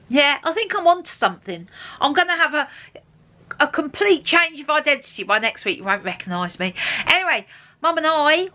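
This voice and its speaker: A woman's voice: sits high, a bit bright. A middle-aged woman narrating a casual vlog to camera in a chatty, upbeat way. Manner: chatty and upbeat, with frequent laughs. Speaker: vlogger.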